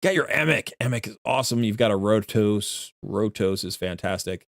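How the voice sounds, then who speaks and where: A man's voice: fairly low pitch, animated, moderate pace, dry recording, studio quality. A man giving chatty, rambling live-stream commentary as he looks through a viewer's game account, often correcting himself.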